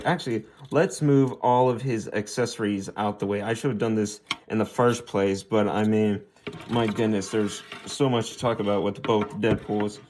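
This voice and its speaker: A man's voice: medium pitch, a little mellow. A young man casually reviewing action figures, rambling and stuttering as he repeats himself while posing them. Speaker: toy reviewer.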